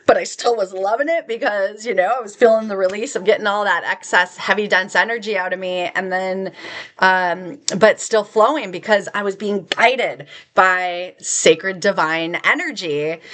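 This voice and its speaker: A woman of middle pitch tells a personal spiritual story in an earnest, heartfelt voice. She rambles and restarts, slips in soft little laughs, and stretches the words that matter to her. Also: normal speed. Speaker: spiritual wellness vlogger.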